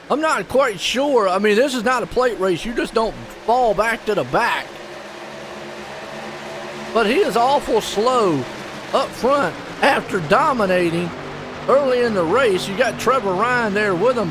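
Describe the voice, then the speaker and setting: High-voiced man calling a race. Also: a little slow, background noise. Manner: excitable, folksy, puzzled asides. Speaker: race commentator. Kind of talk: live sim-racing play-by-play.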